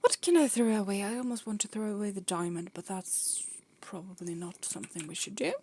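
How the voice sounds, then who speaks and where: A woman's voice: medium pitch, a little fast, mellow, husky. A young woman streaming a game, chatting casually and playfully, often laughing and scolding her pet cats. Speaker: vtuber streamer.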